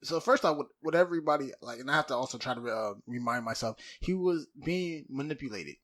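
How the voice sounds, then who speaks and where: Young man explaining calmly in casual chat. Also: medium pitch, quick pace. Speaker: podcast co-host.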